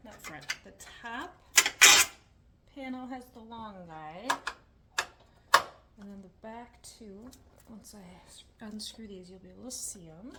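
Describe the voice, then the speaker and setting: Recorded in her home entryway, a woman DIY vlogger casually guides viewers through fixing something, step by step, with joking asides as she thinks aloud. Her medium-pitched voice sounds distant and off-mic in the echoey room, amid background noise.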